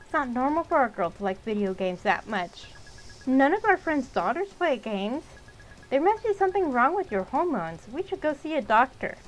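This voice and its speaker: A woman's voice: high-pitched, very animated, normal speed, slight background noise, poor audio. Woman voicing a strict middle-aged mother, stern, scolding, disapproving, game reading.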